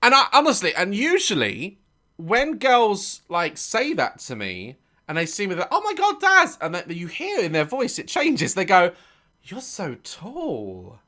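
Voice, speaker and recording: A man reacting to a video in loose, casual commentary, his pitch leaping around as he swears and plays up mock outrage. His tone is bright and sharp. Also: huge pitch swings, normal speed.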